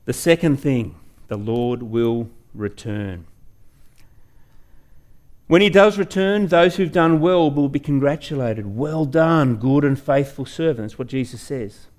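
A man preaching a sermon as pastor, emphatic, slowing down to stress key words and questioning his congregation directly. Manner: rises and falls sharply in pitch and loudness.

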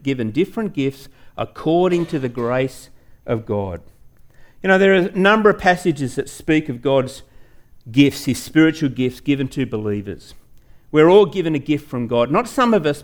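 A man preaching a sermon as pastor, emphatic, slowing down to stress key words and questioning his congregation directly. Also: animated. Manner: rises and falls sharply in pitch and loudness.

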